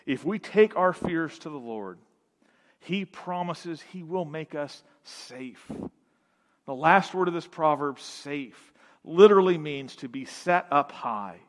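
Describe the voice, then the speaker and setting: A man preaching slowly and deliberately in a fairly high voice, leaning on single words and leaving long dramatic pauses. He drops to a near hush, then swells back up. His voice rings with the long reverb of a large church hall. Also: animated. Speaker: pastor. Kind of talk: sermon.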